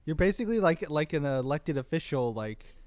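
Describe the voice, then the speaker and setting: Deadpan male improviser, slightly high voice, dry close sound. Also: a little fast, no echo. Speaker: improv comedy participant. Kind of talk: improvised comedy role-play.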